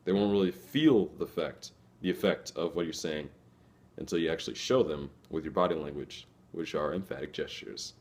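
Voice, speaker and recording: Deep-voiced young man explaining casually. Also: normal speed, darkish tone. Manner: loose and conversational, acts out little quoted lines.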